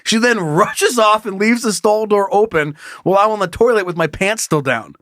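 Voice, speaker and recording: A man's voice: sits high, moderate pace, fairly bright tone, dry recording, clean studio sound. A man co-hosting a casual comedy podcast, reading a listener's story aloud and acting out the voices, laughing often.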